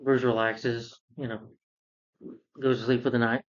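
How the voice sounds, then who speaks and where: A man's voice: medium pitch, level tone, measured pace, highs cut off. A man casually recapping a film in a rambling rant, full of fillers and sarcastic asides. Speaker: film reviewer.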